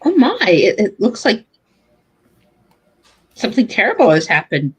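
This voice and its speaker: A woman's voice: mid-range voice, huge pitch swings, measured pace, husky, poor audio. A woman playing a tabletop game, speaking politely with slight stammers. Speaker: player. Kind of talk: tabletop role-play, casual.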